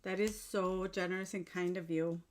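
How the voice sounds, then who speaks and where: A woman's voice: fairly low pitch, flat delivery, normal speed, slight background noise. A woman vlogger chatting casually to her viewers while unboxing, gushing and exclaiming with delight, filmed in a bedroom at home. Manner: gushing, effusive, exclaims often. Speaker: jewelry-making vlogger. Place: home bedroom used as filming room.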